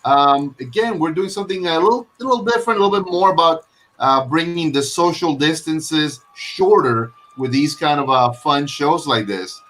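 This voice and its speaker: A man's voice: a little high, moderate pace, a bit bright. A man hosting a casual live video-call chat, rambling with frequent fillers and restarts. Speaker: host.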